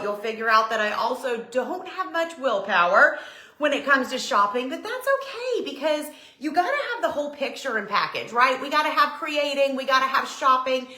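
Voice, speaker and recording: A bubbly Southern woman from Tennessee, USA, who owns a decor business, hosts a casual live stream, chatting away and greeting viewers by name. Her voice is on the high side, pushed and bright, and the room is echoey.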